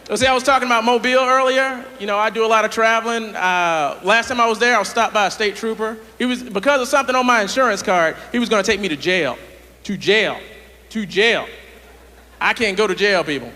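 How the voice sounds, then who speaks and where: A man from the southern United States doing a playful, animated stand-up comedy set on a large theater stage. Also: high voice, a little fast. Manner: animated, playful, jumps into character voices. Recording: live theater hall with audience.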